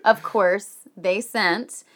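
A woman's voice: mid-range voice, fairly even intonation, very slow, fairly bright tone. A woman from the United States co-hosting a podcast, reading history notes in a casual chat with swearing and jokey asides. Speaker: podcast co-host.

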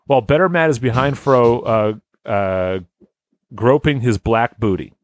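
A man's voice: mid-range voice, expressive, unhurried, no echo. A man hosting a podcast, reading a listener's story aloud in casual chat, often breaking into laughter and stumbling over words.

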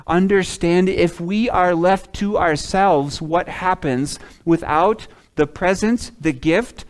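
A man's voice: high-pitched, smooth. Dramatic man preaching a sermon. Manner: dramatic preaching, swinging from loud emphasis to hushed lines; acts out the prophet's and God's words in quoted asides. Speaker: pastor.

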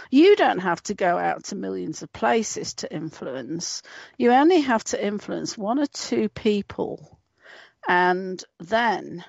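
A woman's voice: mid-range voice, creaky, dry recording, muffled recording. A woman in a casual video-call chat, talking with a lot of energy, laughing often and swearing now and then. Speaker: guest.

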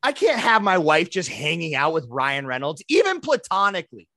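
A man in his thirties bantering on a podcast, with a high, bright voice that sits close and dry. He jokes and animates, slipping into little voices for the people he quotes. It is loose, casual chat between co-hosts. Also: huge pitch swings, moderate pace, dry recording. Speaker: podcast co-host.

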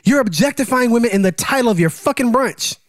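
A man co-hosting a casual podcast chat who makes provocative, teasing jokes with a deadpan delivery. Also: very high voice, quick pace, no room sound, studio quality. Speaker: podcast co-host. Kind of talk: casual banter.

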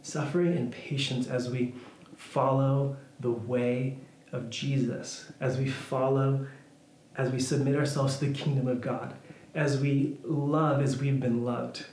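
A man's voice: mid-range voice, flat delivery, measured pace, darkish tone, reverberant, slight background noise, rough recording. A man preaching a sermon as pastor, talking in a loose, conversational way with frequent restarts. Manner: conversational, thinking aloud with restarts.

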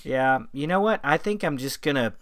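Wry, bright-toned male podcast co-host. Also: a little high, expressive, moderate pace, clean tone. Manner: wry, self-mocking humor. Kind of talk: casual podcast chat.

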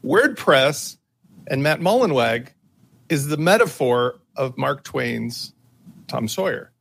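A man on a tech talk panel making an emphatic case through a story, theatrical and building to loud points. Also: medium pitch, expressive, slow pace, gravelly, breathy edge. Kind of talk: animated opinion talk with storytelling.

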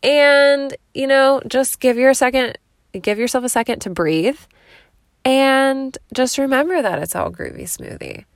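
A woman's voice: sits high, a little slow, dry recording, studio quality. A woman hosting a casual solo podcast, chatty and rambling with frequent laughs, recorded in her parked car. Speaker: podcast host.

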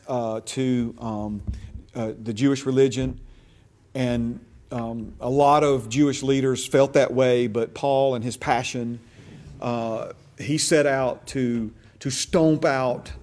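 A man's voice: medium pitch, a little mellow. A man teaching a Bible class in a conversational way, repeating phrases for emphasis and checking that his listeners follow him.

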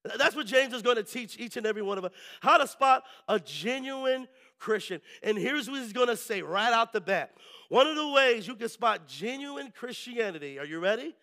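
A male pastor preaching a sermon, telling lively stories and often checking in with the congregation. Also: very high-pitched, moderate pace. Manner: lively storytelling, keeps asking the crowd "right?".

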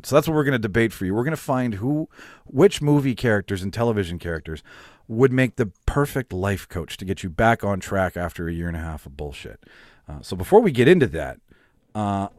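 A man's voice: lowish voice, sing-song, a little fast, no room sound, studio quality. A man hosting a casual podcast chat, loose and profane, laughing often. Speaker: podcast host.

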